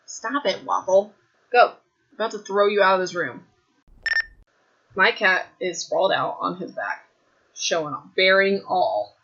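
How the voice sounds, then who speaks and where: Woman, 30s, raspy throat, bright voice, rambling podcast chat, muffled home recording. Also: mid-range voice, unhurried, pauses often, a little hiss or hum. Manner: rambling, says "like" a lot. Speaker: podcast host. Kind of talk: casual chat about a book. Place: home room.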